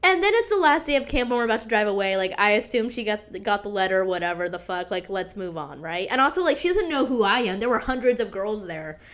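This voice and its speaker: A woman's voice: medium pitch, quick pace, few pauses. A young woman hosting a podcast, chatting through a story in a dramatic, gossipy way, full of "like", swearing and bursts of laughter. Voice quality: animated, breaks into laughter and squeals. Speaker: podcast host. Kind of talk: casual storytelling chat.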